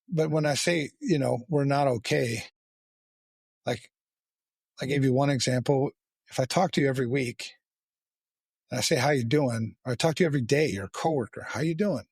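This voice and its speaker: A man hosting a podcast, talking candidly and bluntly with a lot of swearing and halting restarts. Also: mid-range voice, gravelly, darkish tone, slightly rough, dry recording, studio quality. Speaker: podcast host. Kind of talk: candid casual conversation.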